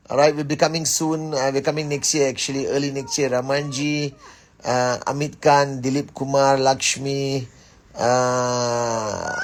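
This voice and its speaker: A man hosting an Instagram live on his phone, greeting viewers by name and giving an upbeat, rallying pep talk. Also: medium pitch. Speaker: network marketing leader hosting an Instagram live. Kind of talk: casual live-stream shout-outs and pep talk.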